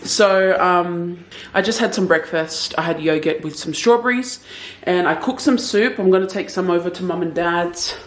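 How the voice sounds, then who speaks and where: A woman's voice: fairly low pitch, moderate pace. A woman in her twenties with an Australian accent, chatting and giggling as she vlogs from her home kitchen on a handheld camera. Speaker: vlogger host. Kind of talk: casual vlog chat. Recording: echoey room.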